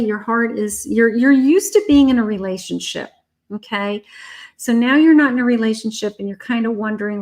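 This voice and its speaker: A woman doing a live tarot reading, speaking soothingly and reassuringly straight to the viewer. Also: mid-range voice. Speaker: psychic tarot reader.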